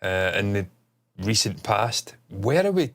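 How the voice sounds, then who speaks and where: A man's voice: on the low side, big pitch swings, unhurried. Brief: male host, blocked nose, loose rambling delivery, casual swearing. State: stuffed-up nose. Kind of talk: casual chat stream.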